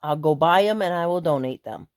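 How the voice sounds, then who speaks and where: A woman's voice: sits low, a little fast, a little mellow, no echo, studio quality. A middle-aged woman venting angrily in a vlog, blunt and emphatic. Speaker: vlogger. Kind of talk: angry ranting vlog.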